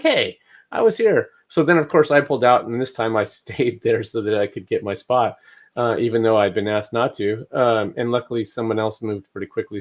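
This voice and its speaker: A man co-hosting a podcast, telling a casual anecdote with a light chuckle. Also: medium pitch. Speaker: podcast co-host. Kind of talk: casual storytelling.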